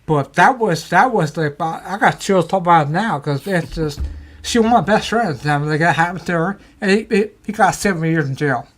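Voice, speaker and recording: Animated man telling paranormal stories. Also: a little high, fairly quick. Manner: animated storyteller, acts out quotes. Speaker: guest. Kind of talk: casual chat.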